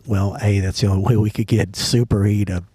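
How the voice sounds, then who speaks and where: A man's voice: lowish voice, fairly even intonation, brisk, dark tone, husky, no echo. A man hosting a podcast, chatting casually outdoors at a truck stop and asking wry questions. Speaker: podcast host. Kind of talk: casual chat.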